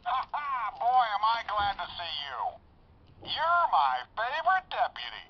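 A man's voice: high-pitched, wildly swooping pitch, a little slow, exaggerated voice. A man voicing a cheerful cowboy sheriff toy doll, talking in a folksy drawl with whoops. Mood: cheery. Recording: tinny toy speaker, faint hiss.

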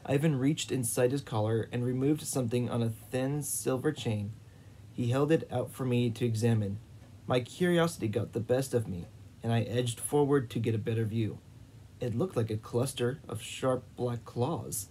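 Guy reading a novel aloud, warm dark tone, steady pace. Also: mid-range voice, moderate pace, slight background noise, poor audio. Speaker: audiobook reader.

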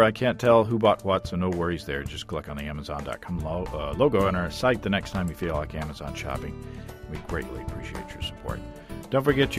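A man hosting a homebrewing podcast, closing the episode with thanks and sponsor reads in an easygoing, folksy way. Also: low voice. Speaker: podcast host.

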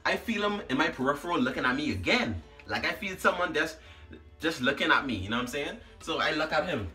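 A man casually telling a story to his vlog audience, slangy and animated, always asking "you know what I'm saying". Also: fairly high pitch, fairly quick, recorded from a distance, soft background music.

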